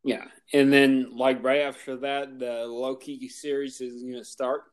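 A man co-hosts a podcast in relaxed, casual conversation, easygoing and quick to agree. His voice sits at an ordinary middle pitch. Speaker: podcast co-host. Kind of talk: casual chat.

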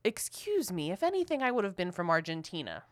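A woman from Philadelphia co-hosting a marriage podcast, telling a story in an animated way and acting out what people said. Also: fairly low pitch, brisk. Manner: animated, quotes people in lively voices. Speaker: podcast co-host. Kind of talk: casual storytelling chat.

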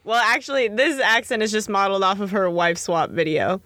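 A woman's voice: mid-range voice, fairly quick, sharp tone, no room sound. A young woman hosting a casual podcast, playful and giggly, often sliding into mock accents. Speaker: podcast host. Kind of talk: casual chat.

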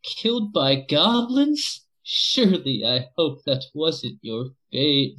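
Grieving poet dad, played by a man, slow lilting rhyming lament, high and lifted. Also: very animated, a bit bright, exaggerated voice. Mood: mournful. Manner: dramatic, lilting recitation. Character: grieving middle-aged father who speaks in rhymed verse.

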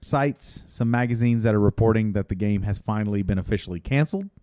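A man's voice: lowish voice, fast talker, dark tone, no echo, studio quality. A man co-hosting a comedy podcast, chatting casually and rambling off mid-sentence. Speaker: podcast co-host.

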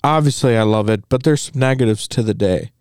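A man's voice: medium pitch, darkish tone, clean tone, no echo. Guy cohosting a chill podcast, jokes on himself a lot, dry close sound. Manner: jokey, self-mocking, drawn-out storytelling. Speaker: podcast co-host. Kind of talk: casual chat.

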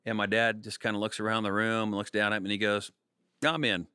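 A man in his thirties telling family stories in a casual interview, animated and full of jokes. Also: on the low side, quick pace, clear, resonant tone, dry recording, studio quality. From Kansas, United States. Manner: animated, jokey storyteller. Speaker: singer-songwriter guest.

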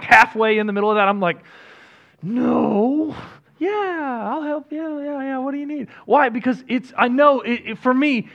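A high-voiced man preaching a sermon, casual and self-deprecating, dropping soft and then building up energy. The recording sounds a little dull and lo-fi. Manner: conversational and self-deprecating, shifts from quiet to energetic. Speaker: pastor.

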